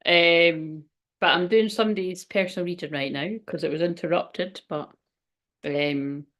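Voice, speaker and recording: Hosting a casual livestream as a tarot and oracle card reader, a woman reads oracle cards in a rambling, chatty way, often exclaiming and laughing at herself. Her voice is on the low side and a bit bright, with a steady tone at a normal speed.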